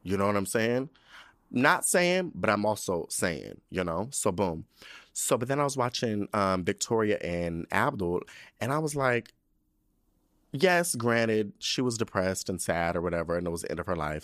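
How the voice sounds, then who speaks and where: A man's voice: fairly low pitch, lively intonation, moderate pace, fairly bright tone, dry recording, clean studio sound. A man hosting a podcast, riffing in a casual, profane, gossipy comic monologue with big swings in his voice. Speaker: podcast host.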